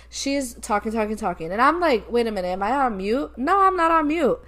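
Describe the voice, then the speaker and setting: A woman's voice: fairly high pitch, brisk. Chatty young woman telling a story. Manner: animated, retells calls with quoted voices, laughs often. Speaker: podcast co-host. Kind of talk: casual chat, storytelling.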